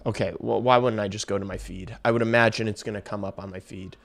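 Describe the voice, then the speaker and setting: Excitable young man, bright forceful voice. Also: fairly low pitch, fast talker, gravelly. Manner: excitable, swears, shifts between mumbled asides and loud outbursts. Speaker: livestream host watching a hockey game. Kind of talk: casual live reaction and play-by-play.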